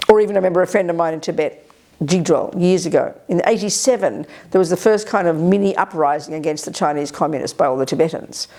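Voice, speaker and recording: An older woman giving a Buddhist teaching at a retreat, animated and emphatic, slipping into other people's voices when she quotes them. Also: fairly low pitch, fast talker. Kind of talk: Dharma talk at a retreat.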